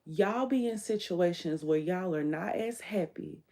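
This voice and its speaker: A woman hosts her own livestream, delivering a blunt, emphatic and profane monologue and often quoting what she told other people. Her voice is lowish and mellow, with a measured pace.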